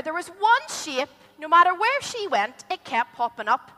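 A woman telling a story to a group of children, animated and asking them questions as she goes. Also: extremely high pitch, normal speed, few pauses. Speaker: children's storyteller at a church holiday club. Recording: long hall reverb.

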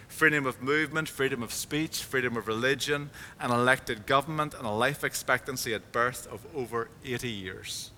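A male preacher delivering a sermon in a clear, bright voice, storytelling with small hesitant restarts. His words ring out with a long hall reverb, and a faint low rumble sits behind them.

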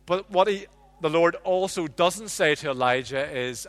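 A man preaching a sermon, telling the story with lively ups and downs and dropping to a hush for quiet lines. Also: on the high side, normal speed. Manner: animated storytelling, drops to a hush on quotes. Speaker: pastor.

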